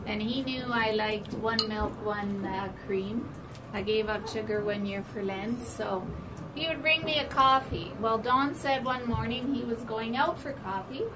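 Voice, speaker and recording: Soft-spoken woman at a memorial. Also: fairly high pitch. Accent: Canadian. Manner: soft-spoken, halting, with fillers. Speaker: speaker's wife giving a memorial tribute. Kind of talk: hesitant memorial speech. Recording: distant mic, loud room noise.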